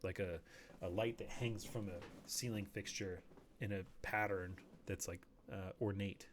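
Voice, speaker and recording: Low-voiced man chatting while gaming. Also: steady tone, unhurried, slight background noise. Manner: chatty, rambling, drops to a near whisper while sneaking. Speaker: streamer. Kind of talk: casual gameplay commentary.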